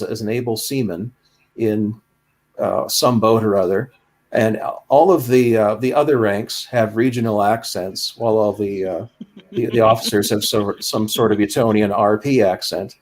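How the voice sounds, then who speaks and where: A man in a casual podcast chat, telling stories with lively, animated delivery. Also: on the low side, unhurried. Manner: animated storyteller, slips into quoted voices.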